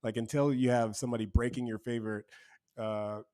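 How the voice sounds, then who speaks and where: A man's voice: mid-range voice, level tone, a little fast, dark tone. A man speaking as a guest on a podcast, earnest and reflective, talking casually with loose fillers.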